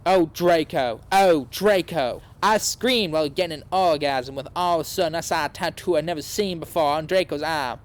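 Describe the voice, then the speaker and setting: A man's voice: fairly high pitch, a little fast, few pauses. A man hosting a podcast, giving a comedic dramatic reading with a mock-earnest tone and sarcastic asides. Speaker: podcast host reading aloud.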